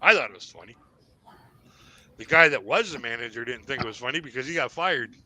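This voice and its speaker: A man's voice: mid-range voice, expressive, fairly quick, sharp tone. A man streaming and telling a funny story in a casual way. He talks wryly and swears freely. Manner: wry, swears freely, acts out quoted voices.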